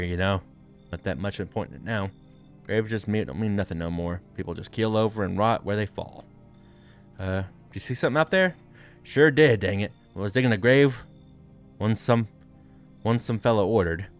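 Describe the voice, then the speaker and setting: A man's voice: on the low side, lightly acted. A man doing a weary old grave digger. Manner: folksy drawl, dropped words. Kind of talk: reading game dialogue aloud.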